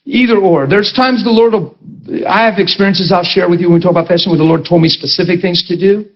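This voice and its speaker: A male preacher with a high voice tells a personal story to his class in an animated way, often laughing. The recording sounds dull and lo-fi. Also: quick pace. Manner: animated, laughing, swings between high and low voice. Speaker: pastor teaching a ministry school.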